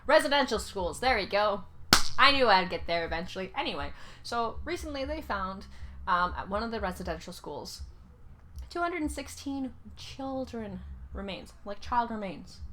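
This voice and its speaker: Halting, pausing woman reacting on camera. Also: medium pitch, expressive, fairly bright tone, slight background noise. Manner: pausing often, searching for words. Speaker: reaction video host. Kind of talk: casual reaction commentary.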